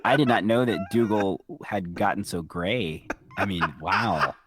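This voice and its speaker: A man's voice: fairly low pitch, unhurried, background noise. A man co-hosting a podcast, chatting enthusiastically and joking along. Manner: enthusiastic, jokey reactions. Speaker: podcast co-host. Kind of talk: casual chat.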